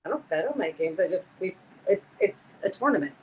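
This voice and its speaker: A woman's voice: fairly low pitch, a little fast, slight background noise, low-quality recording. A woman co-hosting a podcast, telling stories animatedly, acting out what people said and swearing casually. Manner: animated storyteller, acts out quotes, swears casually. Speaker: podcast co-host.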